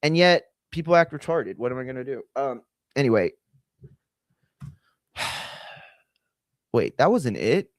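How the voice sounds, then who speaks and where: A man streaming a profane, ranting commentary on combat sports, excitable and blunt. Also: medium pitch, a little slow, long pauses, dry recording, studio quality. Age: adult. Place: home room with bookshelves.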